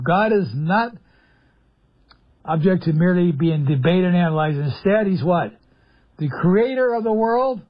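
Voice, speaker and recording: Husky emphatic radio preacher. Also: male voice, high voice, highs cut off. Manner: emphatic, asks and answers his own questions. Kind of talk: radio sermon.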